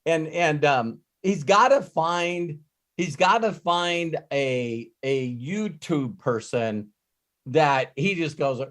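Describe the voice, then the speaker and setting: A middle-aged man hosting a live coaching call, telling stories in an animated way and laughing as he goes. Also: a little high, slow. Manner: animated storyteller who laughs and acts out quotes. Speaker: host and business coach.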